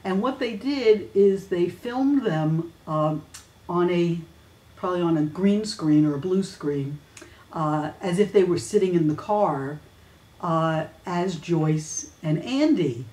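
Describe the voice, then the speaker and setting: A woman's voice: on the low side, animated, slow pace, mellow. Chatty woman host in a roomy space. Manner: chatty, many fillers and restarts. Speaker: host of a weekly fan news videocast. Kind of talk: casual news chat. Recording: roomy echo.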